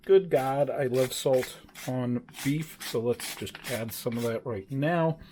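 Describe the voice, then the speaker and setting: A man's voice: medium pitch, slow pace, warm tone, a little hiss or hum. Regular guy rambling thru a home cooking vlog, lots of uhs, fixes himself mid sentence. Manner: rambling, chatty, self-correcting with many fillers. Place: home kitchen.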